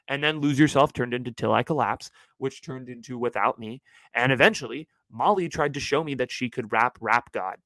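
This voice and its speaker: Give me a young man in his twenties, an animated storyteller who laughs as he talks, recorded dry. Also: medium pitch, moderate pace, no room sound, poor audio. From California. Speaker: podcast host. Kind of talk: casual storytelling podcast.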